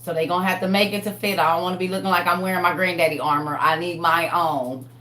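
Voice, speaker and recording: A woman hosts a live online class in casual chat, animated, laughing and talking straight to her viewers. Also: on the low side, quick pace, echoey room. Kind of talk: casual livestream teaching chat.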